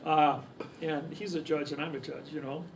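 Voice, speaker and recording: Man, rambling storyteller, lots of restarts, higher-pitched, faint room noise. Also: level tone, moderate pace, gravelly. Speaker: speaker telling stories to a crowd. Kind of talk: casual storytelling. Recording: distant mic, faint background noise.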